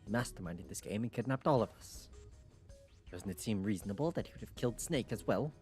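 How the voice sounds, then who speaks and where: A man voicing a calm, persuasive adult man from a visual novel, reading his lines in a measured, explanatory way. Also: lowish voice, soft background music, natural voice.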